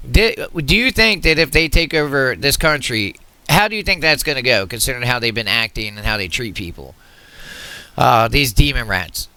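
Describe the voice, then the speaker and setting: A political commentary vlogger rants heatedly to camera, agitated and repetitive, swearing often and restarting his sentences. His voice is fairly high, bright, and forceful, with no room sound.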